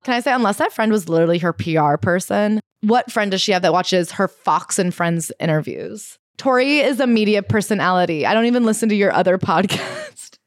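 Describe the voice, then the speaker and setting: A woman's voice: mid-range voice, expressive, fairly quick, few pauses, no echo, clean studio sound. A woman co-hosting a podcast, recapping a celebrity book in a casual, sarcastic way and laughing often. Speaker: podcast co-host.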